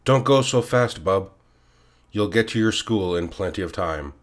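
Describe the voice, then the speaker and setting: A man voicing a hearty village blacksmith who calls out loudly and teasingly. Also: on the low side, lively intonation, unhurried.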